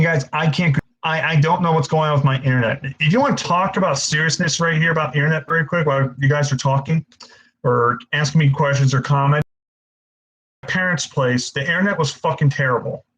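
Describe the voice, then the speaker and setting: A man's voice: a little high, a bit bright, dull audio. A young man hosting a casual live-stream Q&A, frustrated and stammering, swearing often as he answers viewers.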